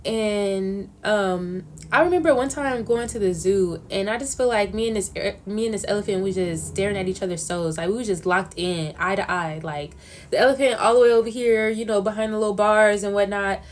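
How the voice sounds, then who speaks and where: Young woman vlogger, casual and animated storyteller. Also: medium pitch, a little fast, a little hiss or hum. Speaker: vlogger answering questions. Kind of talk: casual chat.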